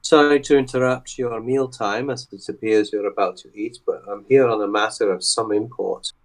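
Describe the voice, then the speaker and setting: Guy doing a super polite dark elf paladin, formal and rambly, lots of uhs. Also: on the low side, fairly even intonation, moderate pace, natural voice, low-quality recording. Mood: apologetic, courteous. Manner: polite, long-winded formal speech with many hesitations. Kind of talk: in-character tabletop role-play.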